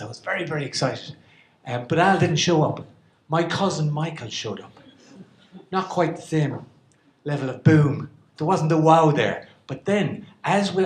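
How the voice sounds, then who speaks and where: A middle-aged Irish man telling a comic story to a live audience, animated and self-mocking. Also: mid-range voice. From Ireland. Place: event hall with a live audience. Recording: roomy live hall.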